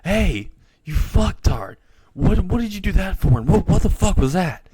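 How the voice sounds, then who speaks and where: A man's voice: sits high, big pitch swings, moderate pace, dark tone, slightly rough, no echo, pitched above the performer's own voice, heavily acted. A man voicing a hot-tempered teenage girl in a fan story, cursing and indignant. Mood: angry.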